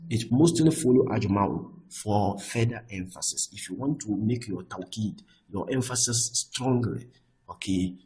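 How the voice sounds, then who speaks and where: A man teaching Arabic grammar, often repeating himself and checking with "I hope that is clear.". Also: deep voice, darkish tone, rough recording. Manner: restarts and repeats words often. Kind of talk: explaining Arabic grammar on screen.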